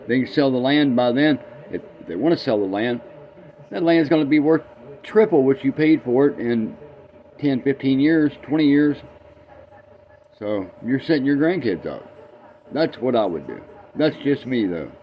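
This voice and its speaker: A man's voice: medium pitch, lo-fi sound, slight background noise. A man, rambling folksy and self-deprecating as he tells a joke in a casual vlog from his garage. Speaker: vlogger.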